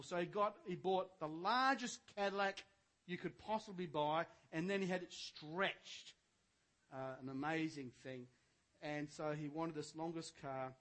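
An older male pastor giving a sermon, moving between quiet conversational asides and loud, shouted preaching, with jokes and stories along the way. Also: fairly high pitch.

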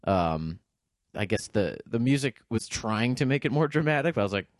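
A man co-hosting a casual podcast, mid-pitched, with a lot of movement in his voice. He keeps tossing in crude wisecracks. The sound is close and dry. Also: very animated, moderate pace, no room sound. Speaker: podcast co-host. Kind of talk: casual chat.

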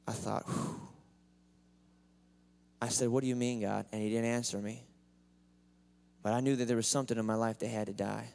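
A man preaching a sermon in a church, telling a personal story and rising to loud, sing-song preaching at the high points. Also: little pitch movement, normal speed, gravelly, pauses often.

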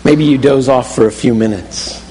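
A man delivering a sermon at a middle pitch, drawing his listeners into the scene with "you" and stumbling through restarts as he builds it up. His voice carries a long reverb, as if from a large hall. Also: normal speed, warm tone, slight background noise. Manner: vivid second-person storytelling, frequent restarts. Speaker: pastor.

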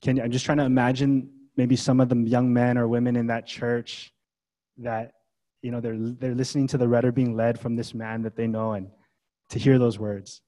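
A man's voice: mid-range voice, fairly even intonation, measured pace, long pauses, a little mellow. A man preaching a sermon as pastor, in a casual, conversational way full of rhetorical questions. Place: church gathering.

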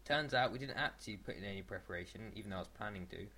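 A man's voice: fairly low pitch, rapid-fire, sharp tone. A man co-hosting a casual podcast, chatting in a rambling way and often restarting his sentences. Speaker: podcast co-host.

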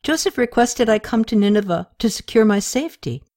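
A woman's voice: a little high, animated, brisk, darkish tone, no room sound, studio quality, pitched above the performer's own voice. A woman reading the part of a young woman hailed as a goddess, asking pointed, exasperated questions in an audiobook. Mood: indignant.

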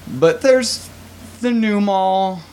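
A man's voice: sits high, drawn-out words, darkish tone, slight background noise. A man telling a story in casual chat as a podcast co-host, laughing often and acting out the people he quotes.

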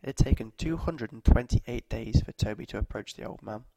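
A man narrating short stories aloud at a measured, steady pace. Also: medium pitch, creaky, no echo, muffled recording.

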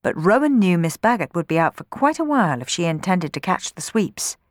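A woman reading a children's storybook aloud in an expressive way, changing her voice for the characters. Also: fairly low pitch, fairly quick, no echo, studio quality.

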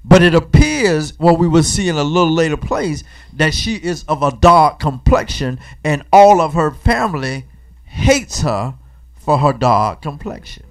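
A man with a fairly high, animated voice preaches a call-and-response sermon, asking the congregation questions and pausing for their answers. He swings between loud emphatic bursts and quiet asides in a colloquial church cadence.

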